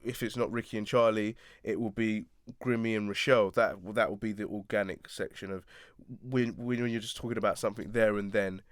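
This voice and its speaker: A man, a radio presenter talking as the guest in a casual interview, relaxed and reflective and laughing often, in a small attic studio. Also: on the low side, fairly quick, hardly any pauses, dry recording.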